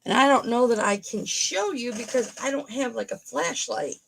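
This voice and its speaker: A woman's voice: fairly high pitch, animated, moderate pace, creaky, a bit bright, a little hiss or hum. A woman hosting a live-streamed jewelry auction, chatting casually with viewers by name as she shows and sells pieces.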